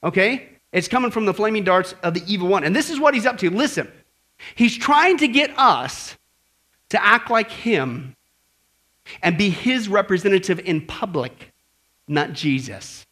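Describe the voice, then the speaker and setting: A man's voice: high-pitched, lively intonation, moderate pace, pushed and bright. A male pastor preaching an emphatic sermon and quizzing the congregation.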